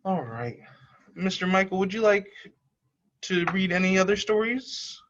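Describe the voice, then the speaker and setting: A man teacher talking casually with children on a video call, slowly offering which story to read next. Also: high voice, expressive, a bit bright, slight background noise. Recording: dull video call audio.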